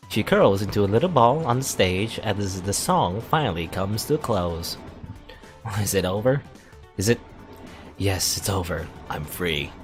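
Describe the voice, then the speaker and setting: Rambling young man reading a visual novel. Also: on the low side. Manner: rambling, with stammers and laughs. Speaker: let's play gamer.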